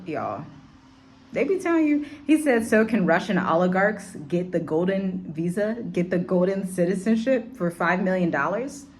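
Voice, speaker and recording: A woman giving casual commentary to her viewers, animated, repeating herself for emphasis. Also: fairly low pitch, slight background noise. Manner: animated, repetitive, talks straight to viewers. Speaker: vlogger. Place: abroad, home setting.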